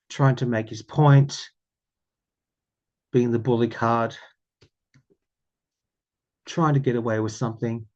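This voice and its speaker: A man with an Australian accent giving a casual tarot reading, musing aloud and often repeating his phrases with ums and soft laughs. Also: fairly low pitch, dull audio. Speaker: tarot reader.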